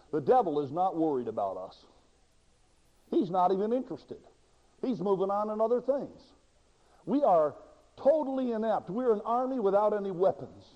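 A man preaching a sermon with dramatic delivery, acting out quoted voices and swinging between loud and hushed passages. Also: high voice. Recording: dull lo-fi sound in a reverberant hall.

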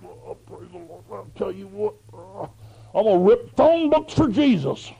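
A man's voice: sits high, very animated, unhurried, gravelly, mellow, breathy edge, full character voice, poor audio. A man putting on the voice of a boastful, gym-going man who shows off his muscles. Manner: brash, swaggering.

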